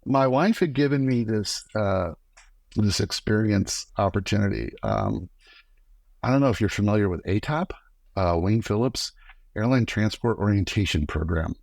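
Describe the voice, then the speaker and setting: A middle-aged man, a guest on a podcast, telling lively stories and acting out the lines of people he quotes. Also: on the low side, normal speed, creaky, no echo. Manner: animated storyteller acting out quoted dialogue. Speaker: podcast guest, former camera operator. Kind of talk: casual storytelling interview.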